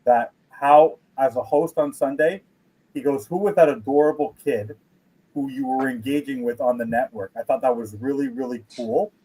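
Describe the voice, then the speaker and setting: A man's voice: medium pitch, normal speed, mellow, breathy edge, low-quality recording. A man co-hosting a sports podcast, talking earnestly and repeating phrases for emphasis. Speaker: podcast co-host. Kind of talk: casual sports podcast chat.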